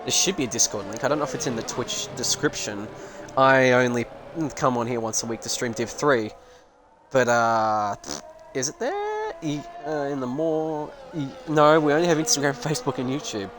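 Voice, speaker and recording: A man's voice: mid-range voice, sing-song, normal speed, over music, low-quality recording. Chatty man commentating a race. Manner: chatty, rambling, joking asides. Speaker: sim racing commentator. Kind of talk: live stream race commentary.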